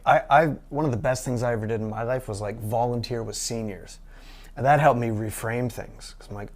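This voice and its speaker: A man hosting a podcast from his drum studio, reflecting back on what his guest said in an enthusiastic, think-aloud way. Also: medium pitch. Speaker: podcast host. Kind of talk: casual interview chat.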